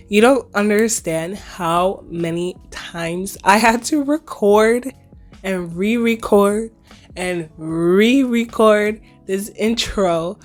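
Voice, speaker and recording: Hoarse young woman chatting on her podcast. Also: medium pitch, very slow, soft background music. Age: 20s. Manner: chatty, playful slang, laughs often. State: hoarse, recovering lost voice. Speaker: podcast host. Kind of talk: casual solo podcast chat.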